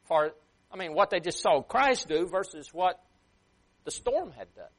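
A man preaching a sermon with emphatic swings in loudness and pace, sometimes acting out a parent scolding a child. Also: high-pitched, very animated, a little slow, breathy edge. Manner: emphatic, rising and dropping sharply for effect.

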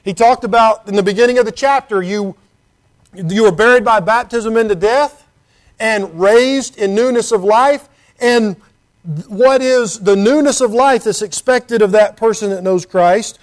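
A man with a high, slightly slow voice preaches earnestly and conversationally. He asks his listeners rhetorical questions and reads scripture aloud in King James wording.

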